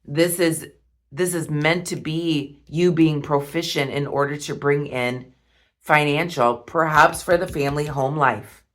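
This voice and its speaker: A woman reading tarot cards, talking slowly and softly with heartfelt pauses. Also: deep voice, fairly even intonation. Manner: slow, soft and heartfelt, with pauses. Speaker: tarot reader.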